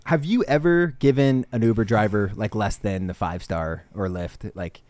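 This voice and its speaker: Animated man telling a story, dry sound. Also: fairly low pitch, normal speed, dry recording. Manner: animated storytelling with laughs and restarts. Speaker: podcast co-host. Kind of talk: casual podcast chat, storytelling.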